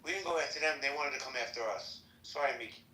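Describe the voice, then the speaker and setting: Fast, sharp-voiced man cutting in. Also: medium pitch, reverberant, recorded from a distance, low-quality recording. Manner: interrupting, insistent. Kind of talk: political podcast discussion.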